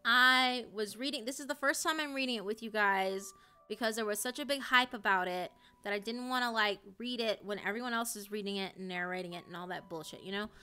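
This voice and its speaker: Bright-voiced young woman ranting on stream. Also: a little fast, clean tone, faint music behind. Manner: emotional, swears a lot, swings between loud outrage and low dejected mumbling. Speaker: streamer reacting to a story. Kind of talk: casual live-stream chat.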